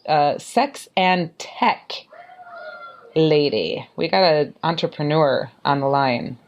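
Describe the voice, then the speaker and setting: Bubbly low-voiced woman podcast host. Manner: bubbly, exclamatory, animated pitch jumps. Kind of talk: enthusiastic podcast interview. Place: apartment in a city, children outside.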